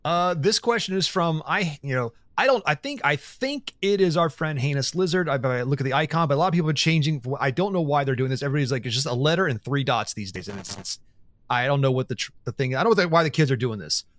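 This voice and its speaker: Man hosting a podcast, slightly high voice, rambling and laughing, dry close mic. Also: animated, fast, fairly bright tone, dry recording. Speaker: podcast host. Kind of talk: casual chat.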